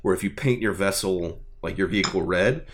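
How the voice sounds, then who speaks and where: A man chatting casually and excitedly about a tabletop game, rambling with lots of fillers. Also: low-pitched, a little fast, noisy background. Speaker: tabletop gaming enthusiast. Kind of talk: casual chat.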